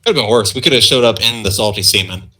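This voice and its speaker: A man's voice: on the low side, fast talker, bright, forceful tone, rough recording. A man playing a tabletop game who jokes wryly with his friends. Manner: joking, wry. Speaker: player. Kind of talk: casual chat at a game table.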